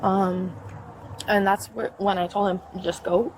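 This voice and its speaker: A woman's voice: mid-range voice, flat delivery, a little slow. A woman giving police a heated, profane account of a quarrel, acting out both sides, outdoors in a front yard. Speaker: complainant. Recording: noisy outdoor body-camera audio.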